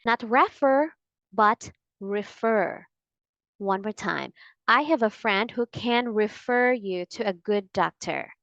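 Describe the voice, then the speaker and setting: Slow, clear woman teaching pronunciation. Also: mid-range voice, fairly bright tone, no echo. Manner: patient, instructive, repeats model sentences slowly. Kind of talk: slow, deliberate pronunciation lesson. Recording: dry, slightly dull sound.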